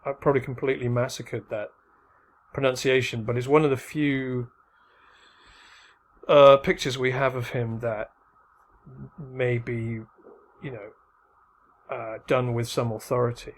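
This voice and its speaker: Middle-aged male lecturer, mid-pitched, relaxed and chatty, lots of fillers. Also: unhurried, pauses often. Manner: casual, many fillers and restarts. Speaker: teacher. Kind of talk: recorded lecture with slides.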